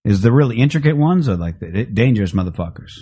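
Husky man bantering with lively pitch. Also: fast talker. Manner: joking, profane banter. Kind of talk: casual chat.

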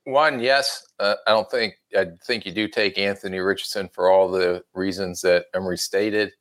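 A man's voice: low-pitched, steady tone, normal speed, fairly bright tone. A middle-aged man, a former team executive, talking football and telling folksy stories with self-mocking laughs. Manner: folksy storyteller, laughs at himself. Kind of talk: casual sports talk.

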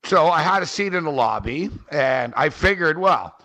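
A man tells a long story in a loose, casual way and keeps saying "like" and "man" as he goes. His voice is bright and forceful, and it sits a little high for a man. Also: moderate pace. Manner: animated, rambling, frequent "like" and "man". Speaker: fantasy sports radio co-host. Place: on a trip in Halifax.

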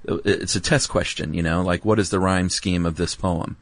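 Deep-voiced laid-back man. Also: fairly even intonation, normal speed, gravelly. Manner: laid-back, wry one-liners, many ums. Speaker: podcast co-host. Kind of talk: casual educational chat.

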